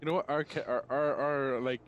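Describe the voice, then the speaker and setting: A man's voice: mid-range voice, fairly even intonation, fairly quick, highs cut off, a little hiss or hum. A man playing a tabletop game, chatting casually with wry jokes. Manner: wry, joking. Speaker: player. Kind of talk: casual chat.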